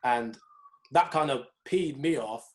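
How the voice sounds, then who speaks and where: A man's voice: mid-range voice, slow. Young guy telling a story. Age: young adult. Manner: animated storytelling, mimics people in raised voices. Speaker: podcast co-host. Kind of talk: casual chat.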